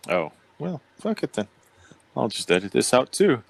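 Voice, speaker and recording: A man's voice: mid-range voice, sing-song, normal speed, gravelly, breathy edge. A man hosting a podcast, running a loose, joking, profane casual chat. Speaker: podcast host.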